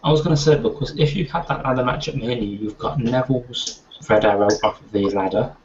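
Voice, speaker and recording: A British man co-hosts a casual wrestling chat podcast in a medium-pitched, slightly mellow voice at a somewhat fast pace. He is opinionated and long-winded and often restarts his sentences. The audio is dull and lo-fi with faint noise.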